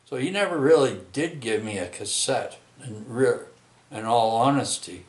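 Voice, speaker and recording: A middle-aged man, rambling through a personal story with many halting restarts and tag questions. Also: medium pitch, animated, echoey room. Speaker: vlogger telling a personal story.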